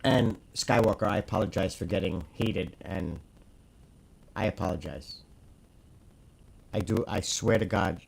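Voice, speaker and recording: A man in casual live-stream chat, blunt and excitable, swearing freely as he talks to the host and viewers. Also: low voice, a little slow, gravelly, long pauses, a little hiss or hum, poor audio.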